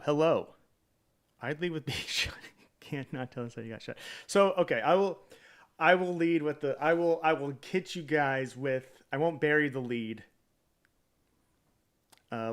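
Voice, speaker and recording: A man's voice: fairly high pitch, a bit bright. A man streaming live in a casual chat, greeting viewers by name, rambling with hesitant fillers and self-deprecating jokes.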